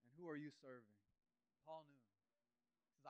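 Earnest, smooth-voiced male preacher. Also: fairly high pitch, moderate pace, long pauses, no echo, rough recording. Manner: conversational and emotional, lots of fillers. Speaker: youth pastor. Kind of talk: personal testimony sermon.

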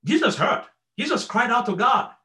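A man's voice: very high-pitched, lively intonation, normal speed, pushed and bright. A middle-aged man preaching an earnest evening sermon, often stopping to check in with "okay?" and restarting his sentences. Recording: echoey room.

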